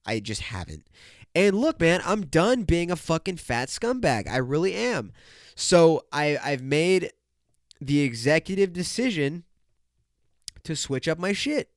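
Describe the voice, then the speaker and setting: A man's voice: on the high side, very animated, measured pace, dry recording, studio quality. A young man hosting a solo podcast, congested and nasal, rambling and joking with lots of swearing. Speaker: podcast host. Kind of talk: casual solo podcast chat. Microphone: podcast microphone.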